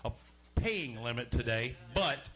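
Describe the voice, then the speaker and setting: A man's voice: medium pitch, animated, unhurried, a bit bright. A man hosting a live outdoor fishing weigh-in, joking and chatty as he calls out names and weights. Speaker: weigh-in emcee. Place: outdoor lakeside weigh-in stage.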